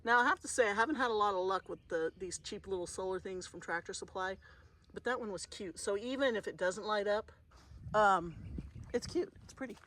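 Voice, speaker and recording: A woman with a brisk, medium-pitched voice vlogs from her garden, casually narrating and thinking aloud as she works outdoors. She's chatty, with soft-spoken asides, and traffic passes in the background.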